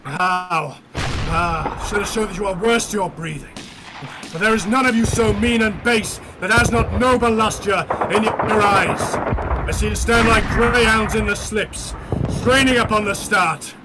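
A man's voice: high voice, a little slow, heavy background noise. An actor playing a young English king, rousing his troops with declamatory battle speech in a live stage performance. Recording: loud battle sound effects behind.

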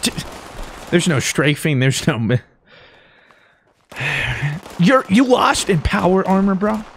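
A man doing let's play commentary, excitable and jokey, switching between mumbled asides and high-pitched yelps. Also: takes it slowly, slight background noise. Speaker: gaming YouTuber.

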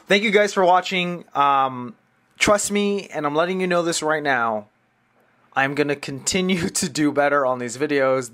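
A young man giving casual gameplay commentary, excitable and self-deprecating, swearing when things go wrong. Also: medium pitch.

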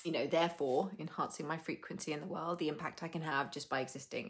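A young adult woman with a low voice, a coach, hosts a live stream and chats casually with viewers. She talks fast, rambles, laughs a lot, and drops the occasional swear word without fuss.

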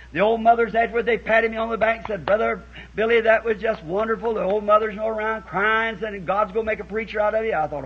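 Old tape of a man preaching, husky high voice, tells stories and rises to shouting. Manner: folksy storytelling, acting out quoted voices, building to shouts. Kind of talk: sermon. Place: church meeting with congregation. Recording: dull lo-fi 1960s sermon tape.

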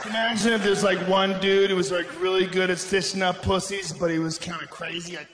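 A middle-aged man doing a stand-up comedy set, telling a story loudly and profanely with shouted bursts. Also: sits high, flat delivery, fairly quick, few pauses, crowd noise, background noise. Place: comedy venue on stage. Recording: echoey live venue with ambience.

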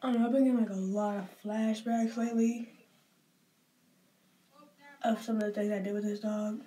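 A woman's voice: fairly high pitch, steady tone, normal speed, pauses often, dark tone, distant mic. Rambling young woman vlogger. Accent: Southern US. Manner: rambling and emotional, often says "like". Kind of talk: casual chat while getting ready.

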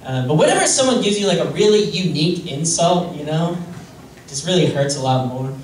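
A man doing a stand-up comedy set on a club stage, deadpan and self-deprecating, hesitant with many fillers. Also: fairly high pitch, brisk. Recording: roomy distant club recording with noise.

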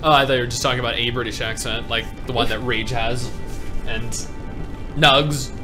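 A man's voice: medium pitch, fairly even intonation, normal speed, over music. An Australian man in casual, teasing chat while streaming a game. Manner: playful, teasing.

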